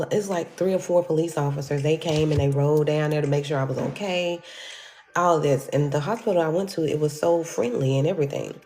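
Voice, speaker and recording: A woman telling a personal story to her viewers in a casual, animated way, acting out the voices of the people in it. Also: sits low. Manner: animated, acts out quoted voices, addresses viewers as y'all.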